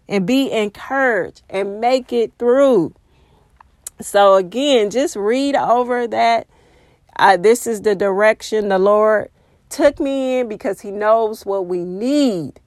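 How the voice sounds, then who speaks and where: A woman delivers a devotional Bible lesson at an unhurried pace. Her voice sits a little high, and the sound is dry and close. She reads scripture and drives points home with repeated rhetorical questions. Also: a little mellow, dry recording. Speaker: Bible teacher.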